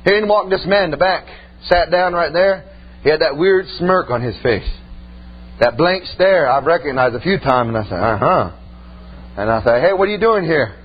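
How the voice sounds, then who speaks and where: A man's voice: fairly high pitch, lively intonation, normal speed, husky, muffled recording. A male pastor preaching a storytelling sermon in a church, folksy and punctuating with amen. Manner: folksy, exclaims amen often, laughs at own stories.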